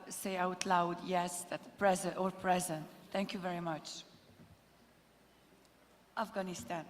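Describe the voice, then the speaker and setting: Woman slowly reading a roll call. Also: medium pitch, a little hiss or hum. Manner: measured, reads a list of names. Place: large conference hall. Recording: echoey conference hall, faint ambience.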